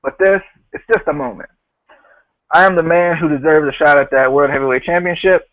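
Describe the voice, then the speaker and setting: A man's voice: on the high side, a little fast, no room sound, highs cut off. Chatty man recapping with frequent laughs. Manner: laughs often, quotes others in a loose retelling. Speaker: podcast host. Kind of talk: casual podcast recap.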